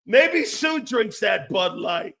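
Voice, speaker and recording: A man's voice: high voice, sing-song, slow pace, creaky, fairly bright tone. A man hosting a sports talk show, rambling and joking with frequent laughs, blunt and a bit profane.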